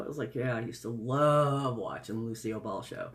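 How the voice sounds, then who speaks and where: A woman's voice: a bass voice, lively intonation, fairly quick. A woman chatting casually on a live stream, greeting viewers by name, rambling from topic to topic with frequent laughs and exclamations. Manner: gushing and exclamatory, laughs often.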